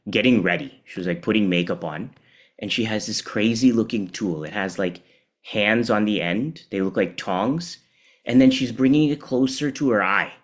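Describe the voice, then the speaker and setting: A man giving a devotional storytelling talk in an animated, conversational way. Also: sits low. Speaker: speaker at a temple celebration.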